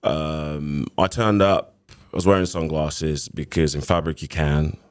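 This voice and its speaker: Deep-voiced London man telling his story. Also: unhurried, clear, resonant tone. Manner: animated retelling with acted quotes. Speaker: podcast guest. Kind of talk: casual storytelling.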